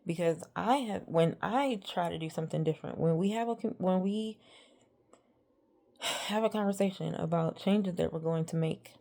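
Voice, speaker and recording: A woman's voice: fairly low pitch, normal speed, vocal fry, warm tone. A woman vlogger telling a storytime about arguments with her partner, rambling and exasperated as she retells what was said. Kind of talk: casual storytime monologue.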